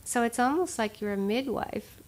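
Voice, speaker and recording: A woman's voice: fairly high pitch, lively intonation, moderate pace. Woman teaching meditation, conversational. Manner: conversational, with frequent fillers and soft laughs. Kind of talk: dharma talk.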